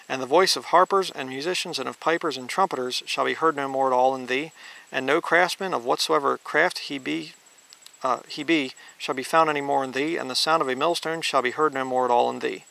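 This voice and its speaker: Gravelly male preacher reading scripture. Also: on the high side, steady tone, bright, forceful tone. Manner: reads scripture slowly, then blunt conversational asides. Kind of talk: informal Bible teaching.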